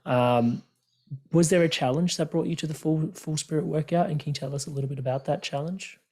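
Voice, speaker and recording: A man's voice: on the high side, a little fast, warm tone. Reflective, affirming male podcast host. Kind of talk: conversational interview. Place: Melbourne.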